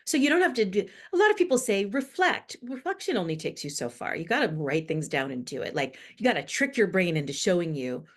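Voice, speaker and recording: A woman's voice: lowish voice, fast, few pauses. A middle-aged woman from the United States, a guest expert explaining earnestly in a podcast interview. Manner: earnest, animated explaining with rising emphasis. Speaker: guest expert on inclusive language.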